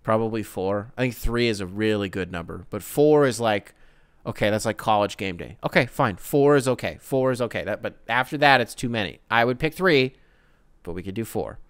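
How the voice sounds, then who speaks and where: Profane, animated male sports podcaster. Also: fairly low pitch, fairly quick, clear, resonant tone, no echo, studio quality. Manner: profane, animated, mocking impressions. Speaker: podcast host. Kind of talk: casual solo sports podcast rant.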